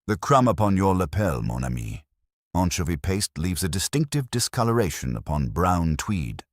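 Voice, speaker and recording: A man voicing a shrewd, fastidious older Belgian detective who speaks precisely and courteously and drops in French phrases. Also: low voice, sing-song, dry recording, clean studio sound, full character voice.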